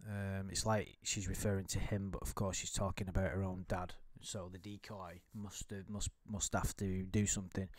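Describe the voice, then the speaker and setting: A man's voice: sits low, little pitch movement, moderate pace, few pauses, dry recording, studio quality. Sweary, rambling man. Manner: sweary, rambling, frequent restarts and laughs. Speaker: commentator reading chat logs. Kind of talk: casual ranting commentary.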